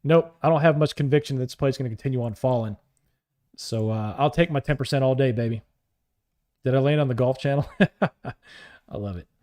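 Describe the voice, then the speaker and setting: A man's voice: medium pitch, a little fast, pauses often, a little mellow. A man on a live trading stream, calling out prices, coaxing the market and joking with chat. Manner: talks to the market and reads chat aloud, joking and upbeat.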